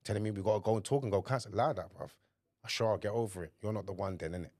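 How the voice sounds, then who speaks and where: A man's voice: lowish voice, rapid-fire, mellow, dry recording, studio quality. A man co-hosting a podcast, talking frankly in slang and acting out his own inner voice. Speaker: podcast co-host. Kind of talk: candid conversation.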